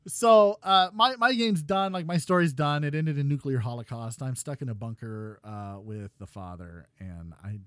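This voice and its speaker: A man co-hosting a casual gaming podcast, talking in an animated, rambling way with laughs and restarts. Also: medium pitch, moderate pace, hardly any pauses, no room sound. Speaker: podcast co-host.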